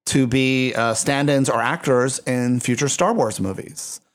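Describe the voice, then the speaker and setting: A man co-hosting a podcast in relaxed conversation with a guest. He talks in a chatty way, with quick asides and a mid-range pitch. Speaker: podcast host. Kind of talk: casual podcast chat.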